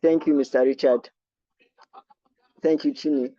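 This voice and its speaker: A man's voice: on the high side, fairly even intonation, measured pace, mellow, dry recording. A man moderating on a video call, thanking the last speaker and calling on the next. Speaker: trainee moderating the session. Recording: dull lo-fi call audio.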